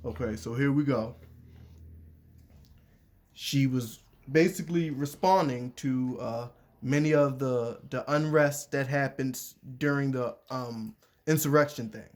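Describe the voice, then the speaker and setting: A man's voice: mid-range voice, unhurried, darkish tone. A man reading a letter aloud and commenting on it in casual chat, repeating his points and restarting sentences as he goes.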